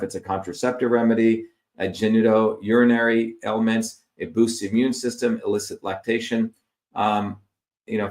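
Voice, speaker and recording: A man's voice: lowish voice, reverberant. A middle-aged man from India, giving an explanatory lecture over slides and listing terms one by one with fillers. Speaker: presenter.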